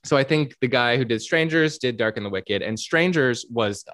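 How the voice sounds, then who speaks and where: A man's voice: medium pitch, lively intonation, normal speed, fairly bright tone, no echo. A young man chatting casually and with enthusiasm, his voice sitting in an ordinary middle register. He rambles, restarts his sentences and laughs easily. The recording is dry and close, with no room sound. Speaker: podcast co-host. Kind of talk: casual chat about horror films.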